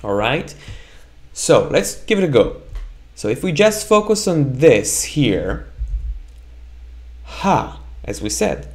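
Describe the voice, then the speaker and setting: A man's voice: medium pitch, very animated. A man teaching a Hebrew reading lesson, patiently drilling sounds and checking in with "right?" as he goes. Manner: repeats sounds slowly for the learner to echo, often checks with "right?". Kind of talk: slow, patient language lesson.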